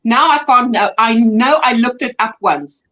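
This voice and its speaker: Lively, higher-pitched woman host, chatty, lo-fi sound. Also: unhurried. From South Africa. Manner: chatty, laughs often, restarts sentences. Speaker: livestream host. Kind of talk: casual chat on a crochet livestream.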